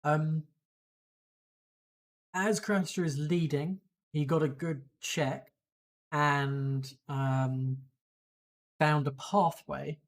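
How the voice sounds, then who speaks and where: A game master narrating a tabletop role-playing game in a relaxed way, with many fillers. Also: mid-range voice, very slow, pauses often.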